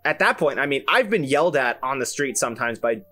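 A man's voice: mid-range voice, brisk. Young man telling a story. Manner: animated, self-amused, many fillers and restarts. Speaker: podcast host. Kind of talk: casual solo storytelling.

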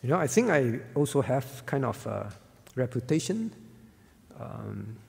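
A man's voice: mid-range voice, big pitch swings, unhurried, vocal fry, darkish tone. Earnest preaching man in a reverberant hall. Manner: earnest preaching, often checking in with "all right?". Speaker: pastor. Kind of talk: sermon.

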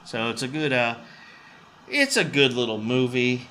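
A man co-hosting a laid-back movie podcast, easygoing as he sums up films. His tone is very bright and sharp, and his pitch moves around a lot. A faint hum runs underneath. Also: lively intonation, a little slow. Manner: easygoing, agreeing, acting out quotes. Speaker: podcast co-host. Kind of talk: casual movie chat.

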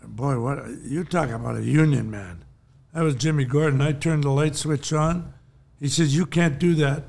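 A man's voice: medium pitch, moderate pace, creaky, darkish tone. An older man, a podcast co-host, telling long rambling anecdotes in casual chat and chuckling often.

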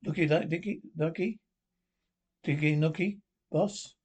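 A man's voice: fairly high pitch, a little slow, darkish tone, breathy edge. An actor playing an adult male expedition guide who talks in playful, sing-song word games in a 1970s film comedy.

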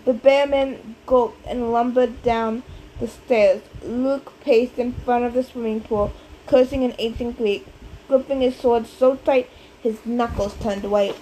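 A woman narrating an audiobook in a steady storytelling manner. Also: fairly high pitch, measured pace, a little hiss or hum, poor audio. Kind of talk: scripted narration.

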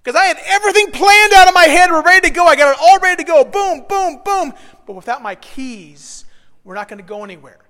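A man in his thirties preaching a sermon, telling a self-deprecating personal story that builds to shouts. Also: extremely high pitch, expressive, fairly quick. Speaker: pastor. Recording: long reverb of a large hall.

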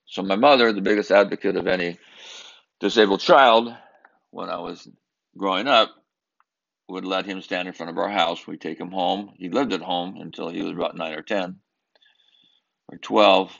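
Deep gravelly older man telling a story. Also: fairly even intonation, fairly bright tone, highs cut off. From Southern California. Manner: earnest, emphatic, with halting repetitions. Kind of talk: personal storytelling.

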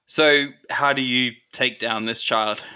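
Male game master, bright forceful tone, unhurried, measured scene-setting. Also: mid-range voice, steady tone, clean tone. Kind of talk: narrating a tabletop game.

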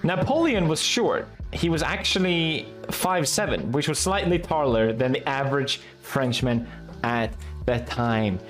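A man's voice: mid-range voice, lively intonation, unhurried, a bit bright, soft background music. A young man from Sweden, giving casual, sarcastic and profane reaction commentary as a video host.

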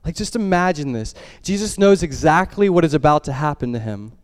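A male preacher with a smooth, clear voice that sits a little high for a man. He retells the story casually, with lots of "like" and restarts, and sinks low and quiet at the solemn parts. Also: expressive, a little fast, long reverb tail. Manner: lets the voice drop low and quiet for solemn moments. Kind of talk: storytelling sermon.

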